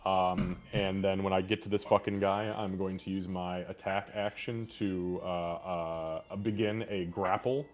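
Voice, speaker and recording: A man with a fairly low voice talks through his turn in a tabletop game. He swears freely and gets animated as he describes his character's moves. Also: unhurried, few pauses. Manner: crude, swears often, animated. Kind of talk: casual tabletop game play.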